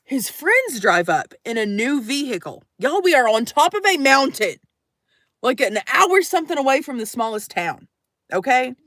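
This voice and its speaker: A woman telling a story to her live audience in a casual, animated way, swearing and acting out the voices in it. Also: sits high, normal speed, no echo, clean studio sound.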